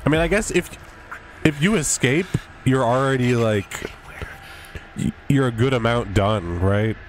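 A man streaming a horror game, yelping, swearing and apologizing to his teammates, then musing calmly on the game. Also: medium pitch, unhurried. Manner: calm, musing commentary. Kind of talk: live game commentary. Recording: faint background noise.

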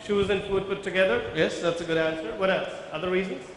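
A man's voice: high-pitched, fast. A man leads a workshop on visual merchandising, explaining his points step by step and quizzing the audience. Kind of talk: workshop lecture with audience questions. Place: large conference hall with a live audience. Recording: very echoey hall, faint background noise.

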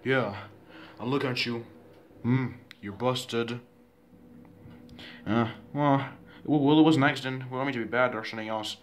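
A man's voice: medium pitch, normal speed, pauses often, a little hiss or hum. A man fooling around in a playful home video, giggling, repeating himself and inventing silly names for himself.

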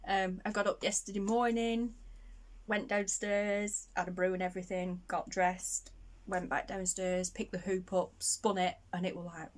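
A woman's voice: medium pitch, little pitch movement, moderate pace. A middle-aged woman from Northern England with a Northern English accent, chatting casually and rambling as a vlogger, laughing often. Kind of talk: casual chat.

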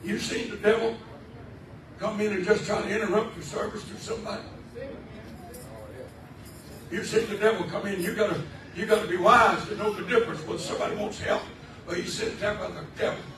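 A man preaching a fervent revival sermon, shouting out praise and repeating his lines. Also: high voice, steady tone, a little fast, pauses often, crowd noise. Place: church sanctuary. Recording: echoey church hall, from far off, congregation around.

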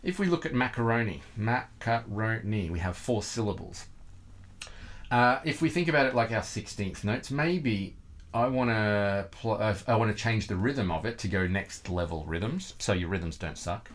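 A man's voice: lowish voice, lively intonation, moderate pace. A man, teaching guitar in a casual video lesson, chatty and self-mocking, sometimes singing rhythms with nonsense syllables.

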